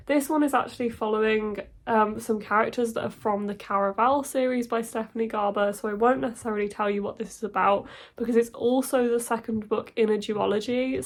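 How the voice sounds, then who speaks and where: Excitable congested woman chatting books. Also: on the high side. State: nasal and congested from a cold. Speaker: book YouTuber. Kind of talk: casual book chat to camera.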